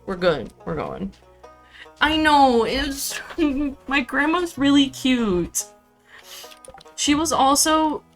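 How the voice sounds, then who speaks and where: A young woman chats her way through a live game stream at an unhurried, drawn-out pace. She rambles warmly between tasks and keeps slipping into a high, cooing baby-talk voice for her cat. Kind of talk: casual live-stream chat while gaming.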